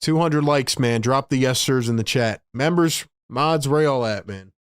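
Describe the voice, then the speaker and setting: This live-stream basketball commentator has a clear, resonant mid-range voice and speaks at a moderate pace. Exasperated by his team, he vents frustration while calling the plays and talking to his chat, in studio-quality audio without room sound.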